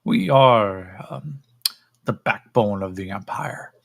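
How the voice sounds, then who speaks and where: A man voicing a cold, condescending chimpanzee-like male alien slaver who speaks slowly and clinically. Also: fairly low pitch, lively intonation, creaky, slightly rough, heavily acted. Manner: slow, clipped, clinical and dismissive.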